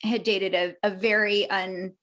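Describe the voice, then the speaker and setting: A woman co-hosting a podcast, telling a personal story in a casual, hesitant way with frequent pauses and laughs. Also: mid-range voice, level tone, a bit bright. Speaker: podcast co-host.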